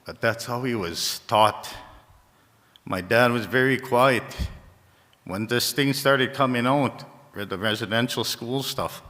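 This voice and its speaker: A man from Saskatchewan, a First Nations community leader, gives a halting, heartfelt ceremony speech, often repeating phrases. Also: medium pitch, bright, forceful tone. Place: large gymnasium. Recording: echoey gymnasium reverb.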